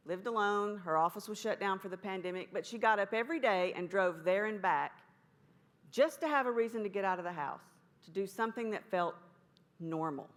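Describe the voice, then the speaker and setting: A woman with a drawl tells a story at a conference talk. Her delivery is folksy and humorous, with an easy, mid-pitched voice. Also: fairly bright tone. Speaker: conference speaker.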